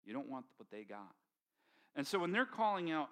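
A man preaching a sermon to his congregation in an animated, conversational storytelling manner, acting out quotes along the way. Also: on the high side, normal speed. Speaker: pastor. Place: church sanctuary with congregation.

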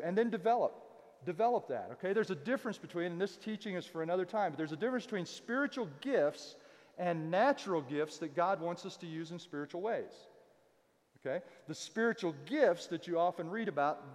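A man's voice: a little high, darkish tone, in a large hall. A man, a pastor, preaching a sermon in a casual, conversational way, often checking in with his congregation. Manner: conversational, frequent "okay?" check-ins. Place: church sanctuary.

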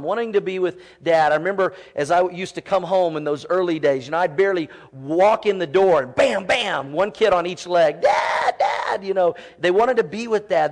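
A man in his forties, a pastor preaching a sermon in a church, animated and often quoting children's voices. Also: high voice.

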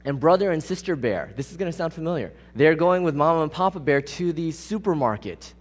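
A man's voice: on the high side, expressive, a little fast. A man preaching a conversational sermon. He speaks casually but with emphasis and often puts questions to the congregation. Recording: long reverb of a large hall.

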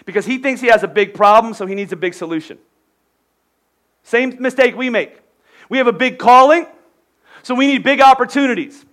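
A man preaching a casual, story-driven sermon, lively and conversational, often correcting himself mid-sentence. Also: very high-pitched, a little fast, pauses often.

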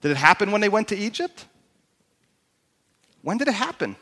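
A man pastor preaches an animated sermon with a lot of emphasis. His voice sits high and sounds bright and forceful. It echoes through a large church hall. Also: moderate pace.

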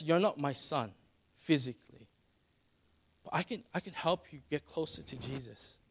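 Man preaching a church sermon. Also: on the high side. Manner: preaching, rising to loud emphatic passages. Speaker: pastor.

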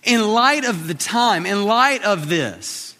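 A man's voice: sits high, animated, slow pace, pushed and bright. A man in his thirties preaching a sermon in a conversational way, repeating short phrases for emphasis. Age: 30s. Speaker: pastor. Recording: reverberant hall.

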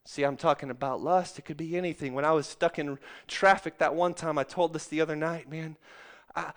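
A middle-aged man preaching a sermon, calling out to the congregation and swinging from loud, excited stretches to soft, hushed ones. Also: on the high side, fairly quick. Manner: calls out to the congregation.

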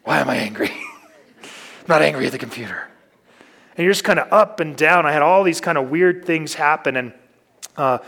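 A man's voice: a little high, a bit bright. A man, a pastor, giving a conversational sermon, telling personal stories candidly and with self-deprecating humor.

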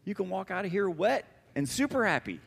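A man preaching a sermon as pastor, animated and emphatic with a conversational touch, in a church. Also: high voice, a little fast, creaky, big-room sound, slight background noise. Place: church sanctuary.

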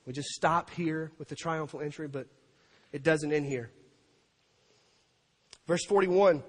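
A man preaching a sermon as pastor, animated and dramatic, acting out crowd voices and scripture quotes. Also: sits high, moderate pace, long pauses. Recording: long reverb of a large hall.

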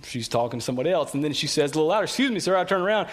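A man's voice: a little high, expressive, very fast. A man preaching a sermon, telling personal stories in a conversational way and often repeating words.

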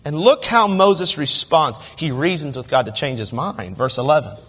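A man's voice: a little high, lively intonation, moderate pace, a bit bright. A man preaching a sermon as pastor, reading scripture aloud and talking conversationally, asking the listeners direct questions. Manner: reads scripture aloud in King James wording. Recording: long reverb of a large hall.

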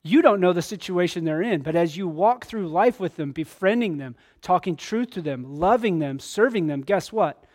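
Male pastor, conversational sermon, higher-pitched voice, lively storytelling. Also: moderate pace, few pauses.

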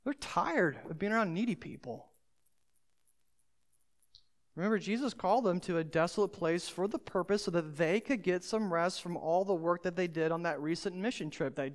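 A pastor preaching a sermon, speaking emphatically and straight to the listeners. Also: mid-range voice. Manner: emphatic, addresses listeners directly. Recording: long hall reverb.

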